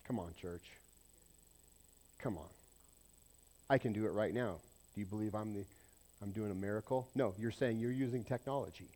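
A man preaching a sermon, swinging between loud, excited points and quiet, confiding asides, often asking the congregation questions. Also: fairly low pitch, moderate pace, long pauses. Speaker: pastor.

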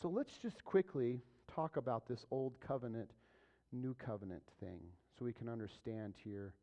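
A man's voice: mid-range voice, normal speed, dark tone. A man preaching a sermon as a pastor, talking conversationally and asking the congregation rhetorical questions. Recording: dull lo-fi recording.

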